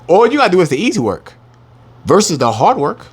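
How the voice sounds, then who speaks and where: Man preaching a scripture lesson, fairly high voice, very animated pitch, brash, profane, taunting, drawn-out verse reading. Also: husky. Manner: reads verses slowly with heavy emphasis. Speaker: scripture teacher.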